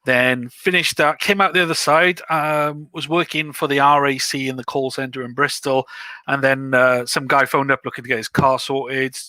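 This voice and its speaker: A middle-aged man with a faded Welsh accent talks through his career in an easygoing way, with plenty of ums and easy laughs. His voice is bright and clear, and the recording is dry and close. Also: medium pitch, steady tone, moderate pace, no echo. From Wales. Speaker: guest recruitment agency owner. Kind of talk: casual video-call chat.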